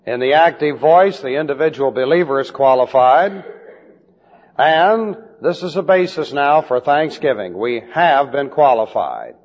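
A man preaching in a deliberate style, teaching Bible doctrine, and spelling out Greek words letter by letter. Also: on the high side, expressive. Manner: slow, deliberate emphasis on key phrases. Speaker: pastor. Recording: dull lo-fi recording with long hall reverb.

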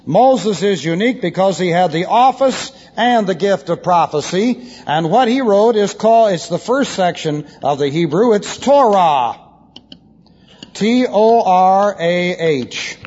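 Man, Bible teacher, husky higher-pitched voice, spells terms letter by letter, lo-fi tape. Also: expressive, normal speed, hardly any pauses, a little mellow. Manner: spells out Hebrew and Greek words letter by letter, dry asides. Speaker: pastor teaching. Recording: dull lo-fi tape in a reverberant hall.

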